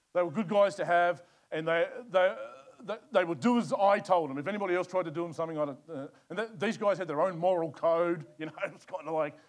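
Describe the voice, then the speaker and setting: A middle-aged Australian pastor delivers a sermon, his voice lurching from loud, urgent outbursts to quiet, low asides.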